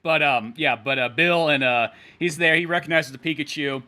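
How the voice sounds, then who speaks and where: Young dude co-hosting a podcast, bright voice, rambly, keeps cracking up. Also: male voice, fairly high pitch, normal speed. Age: young adult. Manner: laughing, rambling, acts out characters in silly voices. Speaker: podcast co-host. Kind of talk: casual podcast chat.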